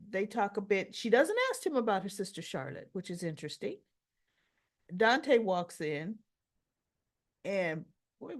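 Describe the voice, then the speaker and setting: A woman's voice: medium pitch, gravelly. Chatty woman recapping a soap opera. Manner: chatty, opinionated, acts out characters' quotes. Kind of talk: casual episode recap.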